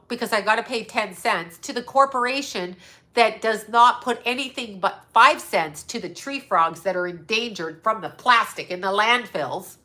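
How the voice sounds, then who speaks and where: Bright-voiced woman ranting angrily. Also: mid-range voice. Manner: angry, profane, sarcastic ranting. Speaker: psychic medium and channel host. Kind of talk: ranting monologue to viewers.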